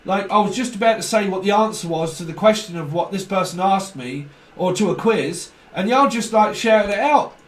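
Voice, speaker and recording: A high-voiced man talks casually to camera as a tarot reader, rambling and swearing, laughing often and mimicking the people he describes. His voice sounds a little far from the mic in an echoey room with faint noise behind it. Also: animated, normal speed, hardly any pauses.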